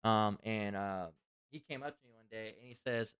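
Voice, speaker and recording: Smooth-voiced man giving a rambling religious lesson. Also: fairly low pitch, normal speed, a bit bright, dry recording. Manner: rambling, profane, conversational. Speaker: religious teacher. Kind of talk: casual spoken scripture lesson.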